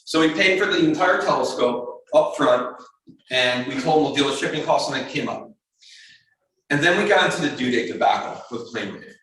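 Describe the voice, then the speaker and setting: Man, lecture storytelling, mimics voices, distant, heavy hall echo. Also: brisk. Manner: animated, acts out quoted voices in a higher pitch. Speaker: presenter at an astronomy club talk. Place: community hall talk. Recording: very echoey hall, speaker far from mic.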